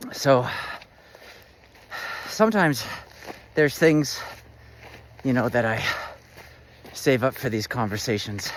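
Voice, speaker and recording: A man out of breath, talking in a breathy voice while running trails, thinking aloud in a halting, reflective way. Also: medium pitch, slight background noise. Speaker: vlog host. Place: outdoor trails.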